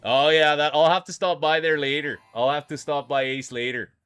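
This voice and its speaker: A man's voice: a little high, little pitch movement, normal speed, a bit bright, smooth, soft background music. Hyped man calling marble races live. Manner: hyped sports-style announcer calling viewers by name. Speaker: streamer commenting on marble races. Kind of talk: live stream race commentary.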